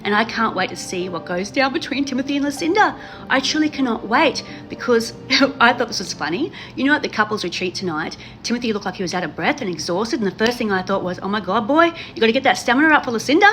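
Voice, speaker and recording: A woman's voice: fairly high pitch, lively intonation, fast, a bit bright, soft background music. A woman chatting casually to her viewers about a reality show, gushing and emphatic, repeating herself for effect. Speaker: reality TV commentary host. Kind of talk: casual chat to camera.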